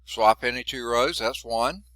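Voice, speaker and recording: A man's voice: mid-range voice, measured pace, bright, forceful tone, dry recording. A man teaching a math class in a folksy, chatty way, quizzing students and noting he is losing his voice. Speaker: math instructor. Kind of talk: classroom lecture.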